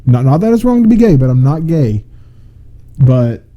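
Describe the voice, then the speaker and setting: A man's voice: medium pitch, very animated, normal speed, lo-fi sound. A man co-hosting a casual podcast chat, goofy and rambling, laughing often and tripping over his words. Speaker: podcast co-host.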